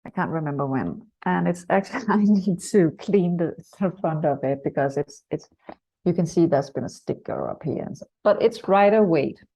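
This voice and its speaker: A woman's voice: fairly low pitch, normal speed, mellow, breathy edge. Playful woman with a Danish English accent. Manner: playful and teasing. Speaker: podcast co-host. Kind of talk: casual spiritual chat show. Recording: dull lo-fi recording.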